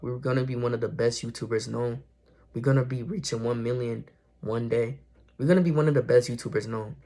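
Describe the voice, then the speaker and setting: A man's voice: mid-range voice, darkish tone. Earnest young man rambling to camera. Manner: earnest, rambling, repeats himself, slangy. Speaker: vlogger. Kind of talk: casual motivational talk to camera.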